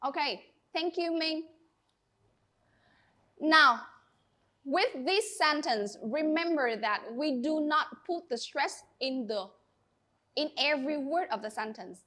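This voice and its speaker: A woman with a Vietnamese accent, teaching an English class and giving slow, deliberate instructions in a classroom. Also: high-pitched, sharp tone. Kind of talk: classroom lesson.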